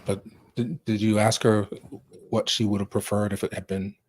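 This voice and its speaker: A man interviewing, asking questions in a halting way. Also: fairly low pitch, little pitch movement, husky. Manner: halting, with restarts while asking.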